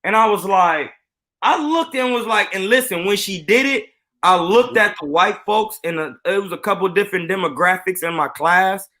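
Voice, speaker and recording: High, bright-voiced boastful storyteller man. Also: normal speed. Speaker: boxing coach. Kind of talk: live-stream storytelling.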